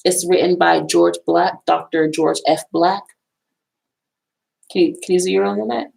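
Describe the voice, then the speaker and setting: A woman's voice: lowish voice, fairly even intonation, unhurried, vocal fry, a little mellow, low-quality recording. A woman vlogging casually from a college library, rambling and repeating herself as she shows off books. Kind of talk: casual talk showing books.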